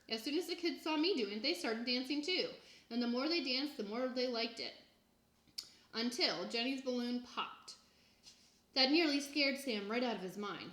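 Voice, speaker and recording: Mulher lendo livro infantil em sala com eco. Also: female voice, on the high side. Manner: even, plain storytelling. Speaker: reader. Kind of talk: reading a children's book aloud. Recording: echoey room.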